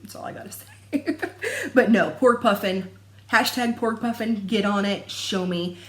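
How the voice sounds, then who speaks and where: A woman's voice: medium pitch, fairly even intonation, moderate pace. A young adult woman chatting casually to camera about her stitching, rambling and laughing often. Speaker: cross-stitch vlogger. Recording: echoey room.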